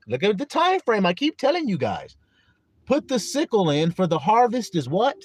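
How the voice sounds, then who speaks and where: A man's voice: high voice, wildly swooping pitch, normal speed, slightly rough, no echo. A man preaching a live-streamed sermon. He reads scripture aloud, fires questions at his listeners, greets viewers by name and laughs often.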